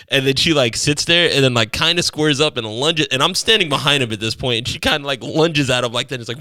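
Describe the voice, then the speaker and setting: A man's voice: fairly high pitch, lively intonation, a little fast, few pauses, bright, forceful tone, dry recording. A man in casual group chat, telling a story from his retail job with lots of swearing and acted-out quotes. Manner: storytelling, laughing, swearing, acting out people in his stories.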